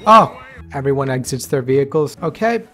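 A man giving excitable let's play commentary, laughing and exclaiming often as he plays. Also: medium pitch, moderate pace, faint music behind. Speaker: gaming YouTuber.

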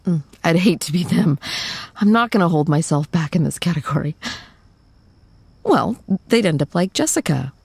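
A young woman voicing a tough but tender girlfriend in an intimate audio role-play, speaking softly and often half-whispering to the listener. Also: low voice, creaky, breathy edge, dry recording, full character voice. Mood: protective, tough. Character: tough reformed bully girlfriend, fiercely protective, tender. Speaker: voice actor.

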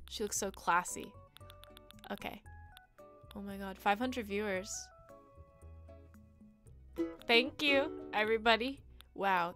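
A woman live-streaming a game, chatting to herself in a giggly, excitable way. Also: medium pitch. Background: game music.

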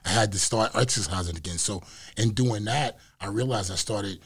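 A middle-aged man with a New York accent, speaking in a fairly low voice. He talks through his thoughts in a loose, reflective way, circling back and repeating phrases as he answers an interviewer. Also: moderate pace, husky. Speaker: interview guest, former boxer. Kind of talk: casual interview talk.

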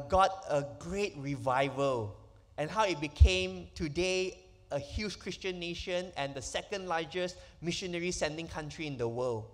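High-voiced pastor preaching in a hall. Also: male voice. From Malaysia. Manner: emphatic preaching with rhetorical questions. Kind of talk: sermon. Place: church sanctuary. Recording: long reverb of a church hall.

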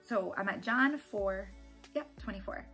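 Woman, devotional speaker, earnest and chatty, mid-pitched voice, soft music underneath. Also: unhurried. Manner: earnest, conversational, repeats key phrases for emphasis. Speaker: poet giving a devotional message. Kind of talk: casual devotional encouragement talk. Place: at home.

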